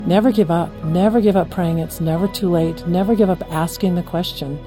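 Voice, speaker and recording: A woman telling an earnest, gentle personal story of faith. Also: fairly low pitch, steady tone, brisk, over music. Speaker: teacher. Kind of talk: personal testimony.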